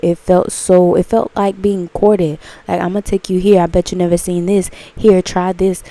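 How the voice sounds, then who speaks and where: Gushing woman with a low, mellow voice. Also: dry recording. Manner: rambling, gushing, swears freely, many "like" fillers; breaks into excited high exclamations. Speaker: vlogger. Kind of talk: casual spiritual monologue to camera.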